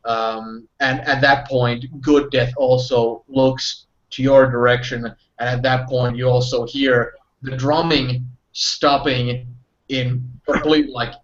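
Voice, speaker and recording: A man's voice: medium pitch, little pitch movement, slow pace. A man narrating a tabletop game as game master, rambling and full of fillers. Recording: muffled lo-fi audio.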